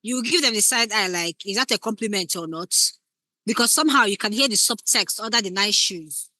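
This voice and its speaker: A woman's voice: medium pitch, fairly quick, pushed and bright, no room sound. A woman teaching scriptwriting in a casual lecture, acting out short example lines as she explains. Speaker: scriptwriting instructor.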